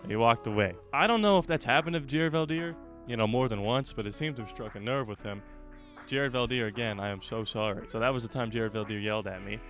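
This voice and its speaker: A young man hosting his own channel tells a story with lively, animated energy. His voice sits in a middle pitch, with a faint guitar playing softly underneath. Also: fast. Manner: animated storyteller, acts out shouted quotes. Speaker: channel host. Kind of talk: storytime vlog.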